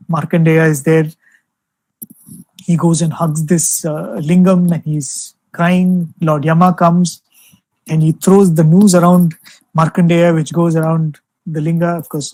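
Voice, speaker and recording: A young man gives a devotional talk over a video call, telling stories gently with lots of "you know" fillers. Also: a little high, no room sound, low-quality recording. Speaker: spiritual speaker addressing alumni.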